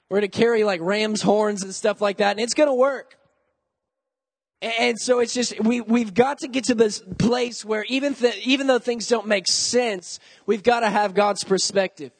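A young adult man preaching a sermon to youth and college students in a lively, joking, conversational way. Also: high-pitched, moderate pace, breathy edge, big-room sound. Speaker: youth pastor.

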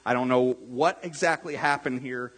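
A man's voice: mid-range voice, normal speed, fairly bright tone, slightly rough. A man preaching a sermon in a casual, conversational way, acting out the quotes he tells. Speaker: pastor. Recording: reverberant hall.

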